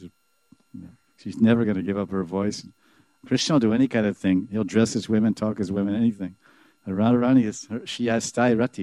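Male devotional storyteller, animated and chuckling, acts out the scenes; dry, close sound. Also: lowish voice, no echo. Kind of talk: sermon storytelling.

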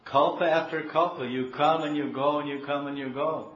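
A man voicing a calm, devoted god who speaks slowly and lovingly to his wife, within a sermon. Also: fairly high pitch, natural voice. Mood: tender, calm. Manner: slow, calm, growing fervent. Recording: dull echoey room, faint hiss.

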